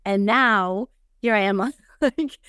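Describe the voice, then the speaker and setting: A woman hosting a podcast wraps up an interview in a casual chat, chatty and joking and swearing freely. Her medium-pitched voice is slow, fairly bright, clear and resonant, in a dry, clean studio recording.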